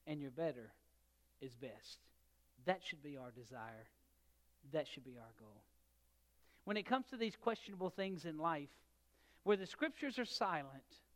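A middle-aged man preaching a sermon, telling a story and swinging between loud and soft. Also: a little high. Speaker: pastor.

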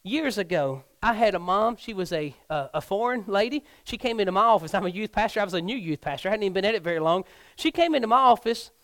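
A middle-aged man, a youth pastor preaching a sermon, swinging from hushed, near-whispered lines to loud, near-shouted ones. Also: sits high, animated, quick pace, no room sound.

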